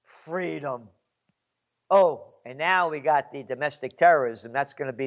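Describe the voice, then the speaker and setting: A man's voice: fairly high pitch, a little slow, lo-fi sound. A man delivering an angry, sarcastic political rant as a commentator. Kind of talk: ranting monologue.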